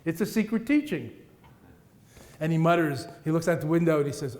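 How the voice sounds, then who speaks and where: Male Buddhist teacher, middle-aged, playful and rhythmic, slightly high voice, hall reverb. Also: expressive, a little fast, darkish tone. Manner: playful, rhythmic, laughs at his own jokes. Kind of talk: dharma talk to an audience. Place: large meeting room with audience. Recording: echoey hall, roomy reverb.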